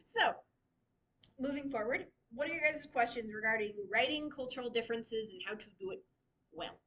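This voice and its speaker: A woman with a high voice leads a library writing workshop. She talks casually and chattily, laughing often as she explains. Her tone stays light and informal. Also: normal speed, sharp tone, low-quality recording. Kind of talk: casual teaching talk. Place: library meeting room.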